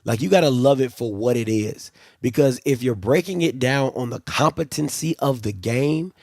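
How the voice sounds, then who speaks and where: Male livestream host, middle pitch, creaky edge, rambling and exasperated casual commentary. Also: moderate pace, dry recording, clean studio sound. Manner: rambling, exasperated, repeats himself.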